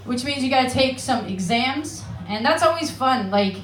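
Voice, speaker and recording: A woman's voice: sits high, animated, moderate pace, fairly bright tone, echoey room, slight background noise. A woman from Alaska with an American accent doing a profane, self-mocking stand-up set in a comedy club. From Alaska, United States. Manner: brash, profane and self-mocking, with laughing asides. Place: comedy club stage in Amsterdam.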